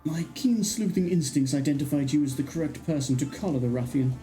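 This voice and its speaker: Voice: mid-range voice, a little fast, mellow, faint music behind, natural voice. A streamer voicing a self-important male train detective, speaking in a formal, pompous way. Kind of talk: voicing game dialogue on a livestream.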